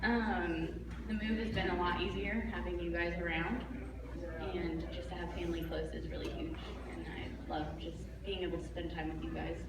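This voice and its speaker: A woman's voice: fairly low pitch, steady tone, moderate pace. A young woman from Canada, giving a chatty, laughing tribute speech at an open mic. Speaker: family member giving a tribute. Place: large church hall, live event. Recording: echoey hall, distant mic, crowd noise. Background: audience murmur.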